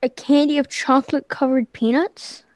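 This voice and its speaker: A woman's voice: high voice, steady tone, moderate pace, darkish tone, no echo. A woman playing as a quiz contestant, guessing hesitantly with many ums.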